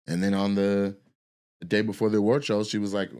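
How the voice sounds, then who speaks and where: A man's voice: lowish voice, flat delivery, brisk, darkish tone, smooth. A man in his forties, a comedian and podcast host, telling a long, loose and profane story in a casual way. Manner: profane, loose and rambling, acts out the people he quotes.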